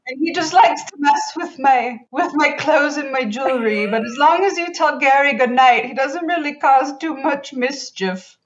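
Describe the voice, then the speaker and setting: A woman's voice: sits high, moderate pace, hardly any pauses, dull audio, slight background noise, voice pushed up, natural voice. A woman putting on an old-fashioned mid-Atlantic drawl to play her sister, breezy and theatrical. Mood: amused, breezy. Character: playful woman in a mid-century mid-Atlantic affect.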